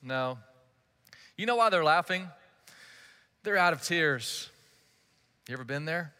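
A man's voice: fairly high pitch, expressive, measured pace, bright, forceful tone, smooth. A male pastor delivering a sermon, telling the story with playful acted-out dialogue. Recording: large hall with long reverb.

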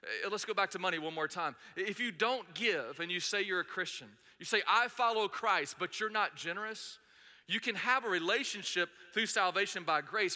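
A middle-aged man with a high, sharp voice serves as pastor, delivering an earnest, story-driven sermon and hammering points home by repeating them emphatically. The church sanctuary gives the recording a large hall's long reverb.

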